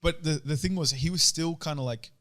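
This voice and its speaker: A young man in his twenties tells a rowdy pub story on a casual podcast. He talks quickly, with a bright, forward tone. His delivery is loose and slangy, and he swears freely. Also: on the high side. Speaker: podcast co-host.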